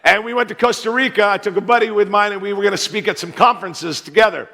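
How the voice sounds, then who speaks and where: An American man in his fifties, a guest pastor telling a joking, animated story in a sermon from a large church sanctuary. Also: high-pitched, fast talker, creaky. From United States. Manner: joking, animated storyteller who plays to the crowd. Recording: reverberant church hall.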